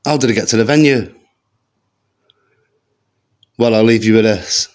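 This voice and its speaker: A man with a West Midlands accent doing a stand-up set of one-liners in a deadpan, slangy way. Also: on the low side, a little slow. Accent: West Midlands English. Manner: deadpan delivery with slangy asides. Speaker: stand-up comedian. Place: comedy venue stage with live audience. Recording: live gig with faint crowd and noise. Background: audience laughter.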